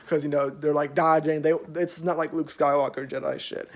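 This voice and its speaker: A man's voice: a little high, steady tone, normal speed, hardly any pauses, darkish tone. A young man casually recapping a show's episodes, rambling with lots of fillers and freely swearing. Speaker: show reviewer.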